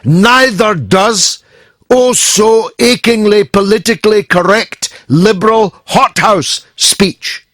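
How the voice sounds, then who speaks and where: A Scottish man hosting a talk radio phone-in, delivering slow, emphatic oratory with dramatic pauses. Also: high voice, fairly bright tone, no room sound, clean studio sound. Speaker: radio talk show host.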